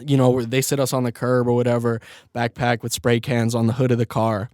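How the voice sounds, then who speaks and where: A young man on a podcast tells a story in an easygoing, slangy way, breaking into laughter again and again. His voice sits in an ordinary middle pitch. It is recorded dry and close, with no room sound. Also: fairly even intonation, moderate pace, no room sound. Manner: laid-back, laughs often, heavy swearing and slang. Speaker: podcast host. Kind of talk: casual storytelling.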